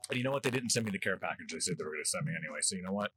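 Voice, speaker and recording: A man's voice: low voice, animated, rapid-fire, a bit bright, slightly rough, low-quality recording. A man from New Jersey hosting a casual food-tasting vlog, chatty and wry as he jokes between bites. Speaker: host.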